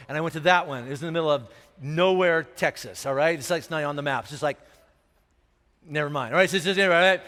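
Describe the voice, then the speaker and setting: A fast-talking male pastor with a high, bright voice tells his story from the pulpit, animated and self-deprecating, checking in with the crowd again and again. His words ring out with a long hall reverb. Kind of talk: sermon story.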